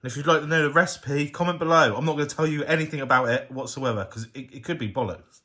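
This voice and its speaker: A man's voice: on the high side, fast talker, hardly any pauses, bright, forceful tone. A tipsy man vlogging casually from his restaurant, chatty and rambling, often restarting his sentences into a handheld camera. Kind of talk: casual vlog chat. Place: restaurant, indoors.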